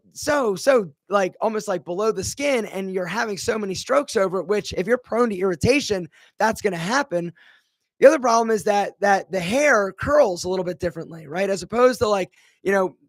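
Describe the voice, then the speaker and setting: Chatty man with a high voice. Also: dry recording, studio quality. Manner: chatty, full of fillers and "right?". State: a bit out of breath. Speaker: brand founder answering viewer questions. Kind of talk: casual live Q&A.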